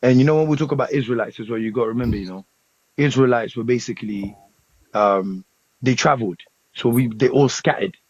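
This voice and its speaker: A man's voice: medium pitch, brisk, slightly rough, no echo. A man hosting a casual podcast debate, rambling and repeating phrases, often asking "you know what I'm saying", in a dull lo-fi recording. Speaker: podcast host.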